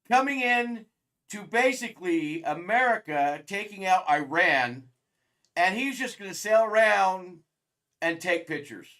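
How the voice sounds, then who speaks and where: A man reacts live on stream with short, astonished remarks. His voice is high, and he speaks slowly and unhurriedly. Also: bright, forceful tone. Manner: short amazed exclamations.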